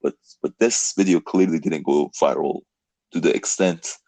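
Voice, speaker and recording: A young man hosting a casual podcast chat, telling a story in an animated way, full of "like" and "dude". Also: very deep voice, moderate pace, no room sound. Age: young adult. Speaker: podcast host.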